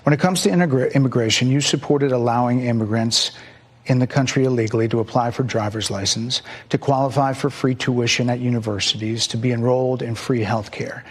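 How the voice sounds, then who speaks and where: Husky-voiced man pressing interview questions. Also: medium pitch, steady tone, fairly quick. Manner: pointed, pressing follow-up questions. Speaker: news interviewer.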